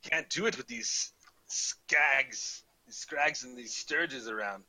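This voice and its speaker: A man putting on a gruff Scottish dwarf woman. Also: mid-range voice, very animated, slow pace, bright, forceful tone, no echo, heavily acted, poor audio. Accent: put-on Scottish. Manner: grumbling, dismissive. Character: gruff, prickly bearded female dwarf researcher.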